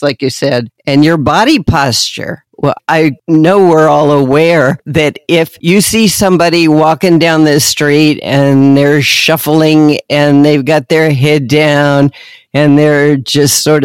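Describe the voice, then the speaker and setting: A woman hosting a casual chat. She explains ideas in a measured, careful way and laughs easily. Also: low-pitched, clean tone, dry recording.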